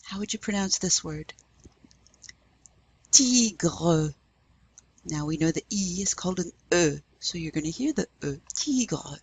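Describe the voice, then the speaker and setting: A woman's voice: lowish voice, brisk, few pauses, breathy edge, rough recording. A woman French teacher giving a recorded lesson, patiently demonstrating pronunciation with repetition.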